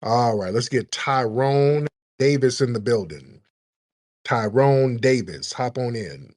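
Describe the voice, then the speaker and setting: A man's voice: mid-range voice, animated, takes it slowly, a little mellow. A man hosting a call-in show, talking bluntly and casually, teasing his callers and lecturing at length.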